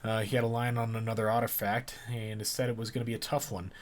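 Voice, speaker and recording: A man reading as a brisk, chatty young shopkeeper woman. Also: lowish voice, level tone, close to an everyday voice. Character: brisk young woman running an antique shop.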